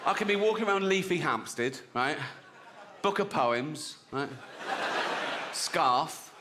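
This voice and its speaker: A middle-aged man from England performing a stand-up comedy set, animated and often laughing at his own jokes as he acts out little voices. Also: a little high, takes it slowly, very noisy. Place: theatre stage before an audience.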